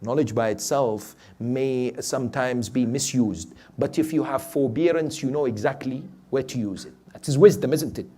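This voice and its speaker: A man preaching a night sermon who urges his listeners emphatically, asks them rhetorical questions and drops to quiet storytelling. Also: medium pitch, normal speed, few pauses, slightly rough. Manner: swings between loud urging and quiet storytelling. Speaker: sheikh, preacher.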